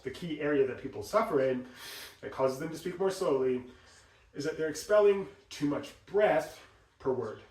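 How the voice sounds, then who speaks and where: A man teaching voice exercises, explaining and acting out examples in an animated way. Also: mid-range voice. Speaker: voice coach. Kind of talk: instructional talk with demonstrations. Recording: roomy sound, mic at a distance.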